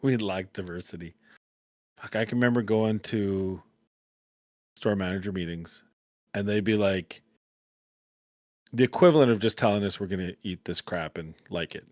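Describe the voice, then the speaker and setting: Low-voiced man telling stories. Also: moderate pace, long pauses, a little mellow, no echo, studio quality. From Canada. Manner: storytelling, wry, quoting others in voices. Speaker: stream co-host. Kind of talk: casual livestream chat.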